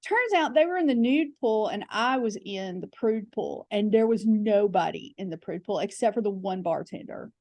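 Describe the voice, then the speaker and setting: A woman's voice: mid-range voice, expressive, moderate pace, hardly any pauses, darkish tone, no echo. A woman telling frank, chatty comic stories as a podcast guest, with filler words and quoted voices. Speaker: guest comedian. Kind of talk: candid comic storytelling.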